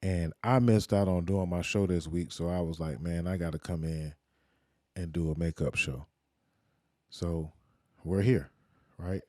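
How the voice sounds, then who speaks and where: A lowish male voice, recorded dry and close, chats easily as he opens his podcast. He rambles loosely, with plenty of fillers and slang. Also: steady tone, unhurried, long pauses, a little mellow, no room sound. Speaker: podcast host. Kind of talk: casual podcast chat.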